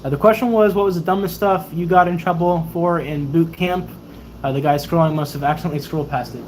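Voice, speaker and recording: A man's voice: on the high side, fast, a little hiss or hum, low-quality recording. Young man telling a laughing story. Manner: animated, laughing, acts out quoted people. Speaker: livestream host, Navy sailor. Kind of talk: casual storytelling chat.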